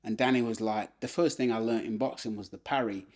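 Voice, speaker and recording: A middle-aged man from England, a former boxer, telling animated anecdotes as a podcast guest, with frequent filler phrases. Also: on the low side, brisk. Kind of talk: casual storytelling interview.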